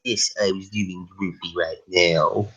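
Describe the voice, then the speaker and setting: A man's voice: low voice, fairly even intonation, a little slow, pushed and bright, slightly rough, muffled recording. A man co-hosting a podcast, chatting casually and playfully. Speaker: podcast co-host. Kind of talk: casual chat.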